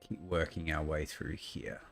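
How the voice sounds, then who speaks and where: A man talks through his game in a loose, thinking-aloud way, often mumbling and letting sentences trail off. His voice sits low with a gravelly fry. Faint music plays behind him. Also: fairly even intonation, unhurried, fairly bright tone. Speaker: gameplay streamer. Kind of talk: casual gameplay commentary.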